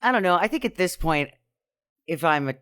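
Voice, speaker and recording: A woman's voice: fairly low pitch, animated, a little fast, a bit bright, smooth. A woman bantering on a casual podcast, spinning playful and absurd reasoning.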